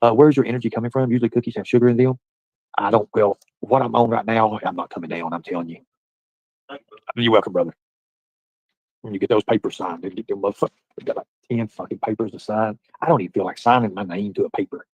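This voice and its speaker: A husky, slightly low-voiced man hosts a casual livestream and rambles through profane banter with his viewers. He talks loud and loose, with a dry, close sound. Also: fairly even intonation, fast, no echo, muffled recording. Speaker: livestream host.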